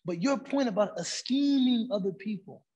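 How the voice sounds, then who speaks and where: A man talking as a podcast guest in a relaxed way, with frequent affirmations and Arabic phrases. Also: sits high, normal speed, husky, lo-fi sound. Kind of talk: casual podcast conversation.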